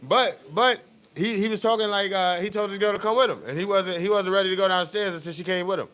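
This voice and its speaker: Bright-voiced laid-back man in a barbershop. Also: high voice, fast, clean tone. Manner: laid-back, hesitant, lots of fillers. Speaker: podcast guest. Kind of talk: casual chat.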